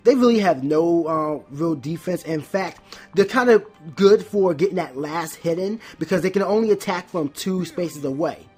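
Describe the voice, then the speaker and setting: A Let's Play host giving casual gameplay commentary, often stumbling, restarting words and filling pauses with "um". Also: mid-range voice, a little mellow, breathy edge, soft background music.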